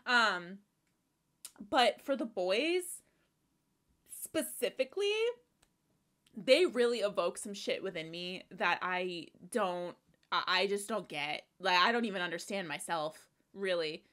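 A young woman hosts a video reaction, hyper and gushing, swearing and shrieking as she comments. Her mid-range voice is slow and a bit bright, and she wears headphones while recording.

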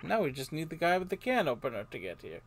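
A man's voice: fairly high pitch, wildly swooping pitch, fast, slight background noise. A man voicing a laid-back, hyped-up male party host creature from a video game.

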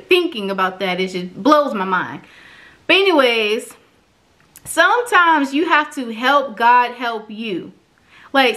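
A young woman telling her own story in a casual vlog, chatty and animated, acting out quoted dialogue, emotional and close to tears. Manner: chatty and animated, acts out quoted dialogue with big pitch jumps. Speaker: vlogger reviewing an online course.

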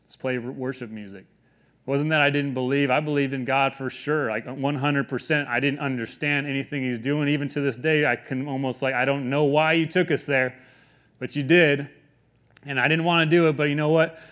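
A man in his thirties, a pastor, preaching a sermon in an earnest, conversational way that swings between quiet stretches and emphatic questions. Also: medium pitch, steady tone, moderate pace.

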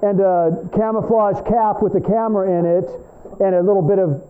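A male professor lecturing a class in an animated, rambling way, trading remarks with students, in a tinny, phone-like recording. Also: high-pitched, normal speed, crowd noise. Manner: animated, rambling, talks back and forth with students.

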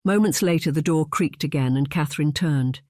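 Man reading an audiobook, steady and dry. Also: a little high, normal speed, no room sound. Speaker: audiobook narrator. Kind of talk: scripted audiobook narration.

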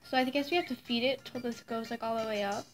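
Casual woman vlogger, chatty, fairly high voice, soft music behind her. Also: fairly even intonation, fast. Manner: chatty, coos at a pet in the game. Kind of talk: casual gameplay chat.

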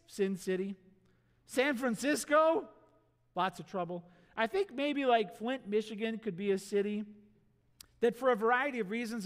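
A male pastor preaching a sermon in a church, animated, asking the congregation questions and acting out voices. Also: sits high. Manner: animated, acts out voices and asks the crowd rhetorical questions. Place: church sanctuary. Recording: long hall reverb in a church.

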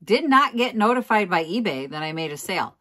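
A middle-aged woman reselling vintage goods, telling a story in a casual vlog with animated, self-mocking energy and frequent laughs. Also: medium pitch, a little fast.

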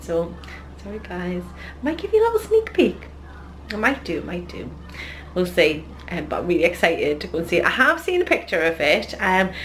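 Geordie mum chatting to her camera at home, kinda high voice, bit of background hiss. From North East England. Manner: chatty, upbeat, talks to viewers as friends. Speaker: family vlogger, mum. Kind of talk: casual vlog chat to camera. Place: family home. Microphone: handheld camera.

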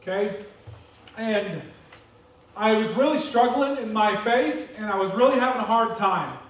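High-voiced man preaching in an echoey church. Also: unhurried, distant mic. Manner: earnest, candid, repeats okay often. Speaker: pastor. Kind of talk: sermon with personal testimony. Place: church sanctuary.

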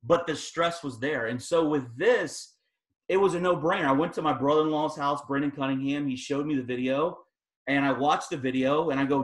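A man giving an energetic motivational talk as guest speaker, telling his story with emphatic peaks. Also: on the high side, moderate pace. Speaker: guest speaker at team training. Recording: echoey room.

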